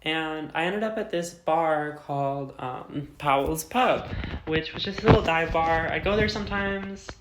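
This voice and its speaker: A young adult woman vlogger tells a casual storytime, chatty and full of fillers, swearing freely. Her voice is low and her pace measured. The recording is very noisy, with a roomy echo.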